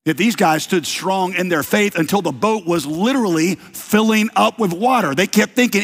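A man preaching to his congregation in a long-echoing hall. His voice sits a little high and has a husky edge. He tells the story with lively swings between soft, quiet asides and shouted high points. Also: normal speed, hardly any pauses. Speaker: pastor. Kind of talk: sermon.

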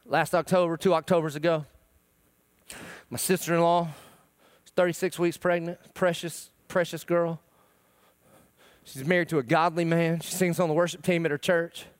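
A middle-aged male pastor preaching a sermon, swinging between loud pleading and hushed, emotional tones. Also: fairly high pitch, little pitch movement, normal speed, long pauses, clean tone, no echo. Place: church.

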